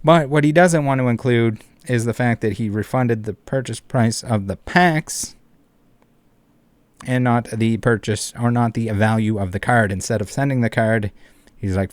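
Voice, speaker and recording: A man's voice: mid-range voice, unhurried, no room sound. A man hosting an online commentary video, ranting in an indignant, profane, emphatic way. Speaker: commentary channel host.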